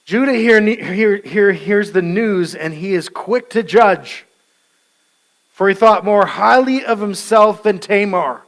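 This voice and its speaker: A man's voice: sits high, slow pace. A male pastor giving a conversational sermon, casual and joking and acting out scenes.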